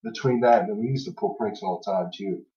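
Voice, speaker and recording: A man with a fairly low voice tells funny stories from an old job in a loose podcast chat. He laughs between lines and leans on fillers. He is heard from a distance in an echoey room, and the recording sounds dull and lo-fi. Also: a little fast, dark tone. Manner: laughs while telling stories, many "you know" and "everything else" fillers. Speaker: podcast host. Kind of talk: casual storytelling chat.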